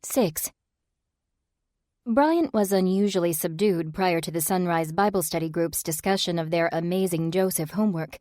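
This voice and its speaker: Casting: measured audiobook narrator, woman, lower voice, dry booth sound. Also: darkish tone, no echo.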